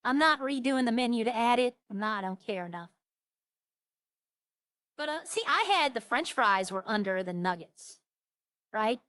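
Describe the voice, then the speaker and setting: A woman's voice: fairly high pitch, expressive, moderate pace, long pauses, a bit bright, clean tone, dry recording. A woman chatting casually on a roleplay stream, rambling through funny stories and imitating the people she quotes.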